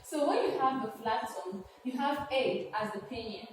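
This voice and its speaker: A woman teaches a Chinese lesson with a slightly high voice, patiently repeating each phrase. She sounds distant from the mic, and her voice rings around a large, echoey hall. A faint hiss sits underneath. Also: normal speed. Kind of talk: classroom-style lesson.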